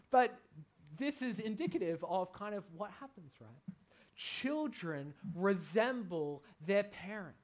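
A man in his thirties preaching a sermon, earnest and conversational, with many fillers and emphatic peaks. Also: fairly high pitch.

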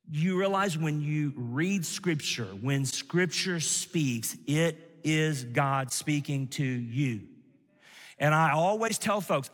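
A man's voice: fairly high pitch, fairly bright tone. Man, pastor, emphatic preaching, reverberant hall. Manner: emphatic preaching with audience asides. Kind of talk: sermon.

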